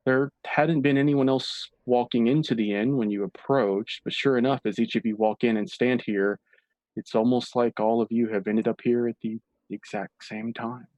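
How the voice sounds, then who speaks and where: A male dungeon master narrating a tabletop game at a mid pitch. His telling is relaxed and descriptive, with a dry, close sound. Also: normal speed, no echo. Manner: descriptive and relaxed, with filler words.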